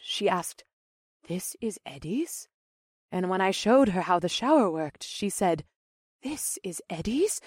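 Man putting on a gentle elven wife, raised and soft, formal, dry close sound. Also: high voice, dry recording, voice pushed up.

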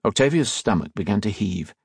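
A man reads an audiobook in a measured, expressive storytelling style, his voice on the low side and slightly rough. The recording is clean studio sound with no room sound at all.

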